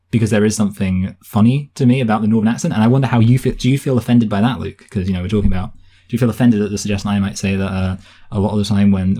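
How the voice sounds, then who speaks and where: A man co-hosting a casual film review podcast, talking fast in a rather low, husky voice. He moves swiftly from point to point and turns his thoughts into questions for his co-host. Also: dark tone.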